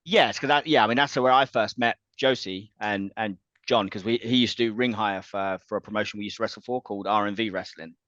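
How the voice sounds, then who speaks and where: A man with a British accent, a wrestler guest, telling stories in an animated, rambling way. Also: lowish voice, fairly quick, few pauses, dry recording, muffled recording. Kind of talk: casual interview chat.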